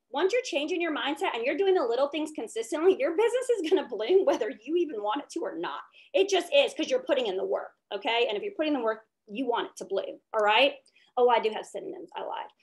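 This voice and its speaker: A woman giving a motivational leadership talk over a video call, tagging her points with "okay?". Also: high voice. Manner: upbeat and preachy, tags lines with "okay?". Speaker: direct sales team leader.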